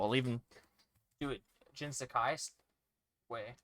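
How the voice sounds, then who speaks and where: A man giving joking, animated let's-play commentary while he plays a game. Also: mid-range voice, normal speed, dry recording. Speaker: streamer. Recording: game music underneath. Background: game music.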